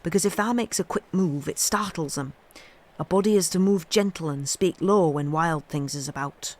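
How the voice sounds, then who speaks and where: A woman reading a storybook aloud, voicing a gentle young moor boy in a low, soft voice with a Yorkshire dialect. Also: natural voice. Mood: hushed. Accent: Yorkshire dialect, put on. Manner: slow, hushed, easy.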